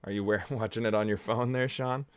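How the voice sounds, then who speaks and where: A man giving casual watch-along movie commentary, muttering laid-back reactions with bursts of excitement and casual swearing. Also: on the low side, a little fast, clear, resonant tone, dry recording.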